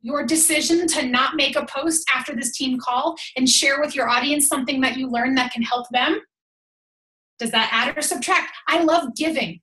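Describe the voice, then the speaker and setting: A woman coaching her team on a call, talking in an energetic, emphatic rush filled with "like"s. Her voice sits high and sounds bright and forceful. The room around her gives it a noticeable echo. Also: moderate pace. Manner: energetic, emphatic, chatty with many "like"s. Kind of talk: motivational team call talk. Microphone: call audio.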